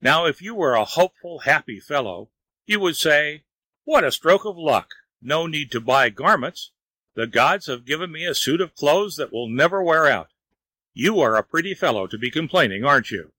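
A man voicing an old male fairy who scolds and teases slowly and deliberately. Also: a little high, expressive, sharp tone, dry recording, low-quality recording. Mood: scolding.

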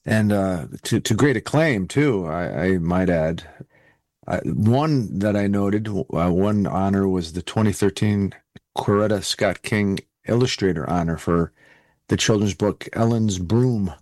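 Deep-voiced male interviewer, stuffy nose. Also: a little slow, a little mellow, dry recording. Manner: polite, hesitant questions. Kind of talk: interview questions.

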